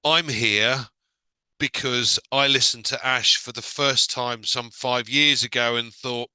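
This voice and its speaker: A man giving a sincere, measured personal testimony on an online group call. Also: mid-range voice, steady tone, pushed and bright, smooth, no room sound, poor audio.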